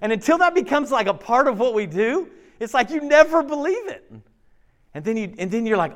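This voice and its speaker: A man preaching a casual, conversational sermon. He keeps checking in with the congregation and swings between loud emphasis and soft, low asides. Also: very animated, a little fast. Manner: conversational, with frequent fillers and rhetorical checks. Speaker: pastor.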